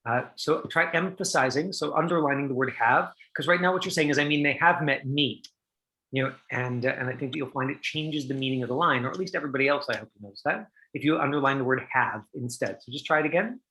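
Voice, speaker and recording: A middle-aged man coaches actors through a script online, talking casually with plenty of ums and uhs. He breaks off to demonstrate line readings himself. His voice is bright and forward, in an even middle register. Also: mid-range voice, quick pace, hardly any pauses, slight background noise, rough recording. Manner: chatty, many fillers, demonstrates line readings. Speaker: acting teacher. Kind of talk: coaching an online acting class.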